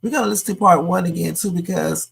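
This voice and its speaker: A woman's voice: on the low side, fast, creaky, slightly rough. A woman hosting a live stream, chatting casually and thinking aloud as she replays clips.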